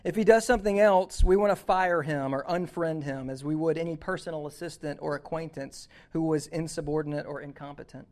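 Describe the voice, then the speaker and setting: A man's voice: a little high, a little fast, few pauses. Man preaching with dramatic storytelling. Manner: storytelling, swings from hushed to loud and urgent. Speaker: youth pastor. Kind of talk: sermon.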